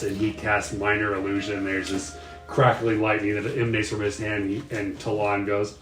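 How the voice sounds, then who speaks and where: A man narrating a tabletop game as game master, often jumping into shrill comic voices for the figures. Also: moderate pace. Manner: animated, jumps into shrill comic voices for the cast. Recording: echoey room, far from the mic, faint music.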